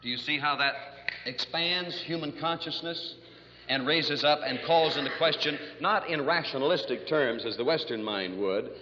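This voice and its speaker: A man's voice: a little high, moderate pace, pushed and bright, slight background noise. Man lecturing in a dull, roomy hall. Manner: rambling, many fillers, tells jokes with acted voices. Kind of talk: recorded lecture. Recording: distant hall, dull archival lo-fi recording.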